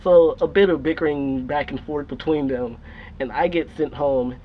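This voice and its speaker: A man's voice: on the high side, moderate pace. Young man telling a profane story. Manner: profane, laughing, rambling. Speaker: storytime vlogger. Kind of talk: casual storytelling. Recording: dull lo-fi recording with faint noise.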